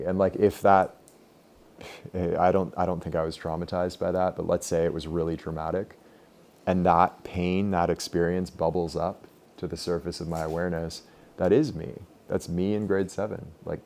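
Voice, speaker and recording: Brief: young male meditation teacher, deep and warm, relaxed and rambling. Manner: relaxed, loose, many "like" fillers. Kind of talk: casual group teaching.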